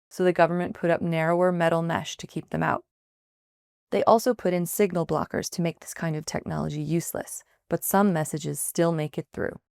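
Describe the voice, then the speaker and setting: Woman reading a report, gravelly low voice. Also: no echo, studio quality. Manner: measured, even read-aloud delivery. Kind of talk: scripted news narration.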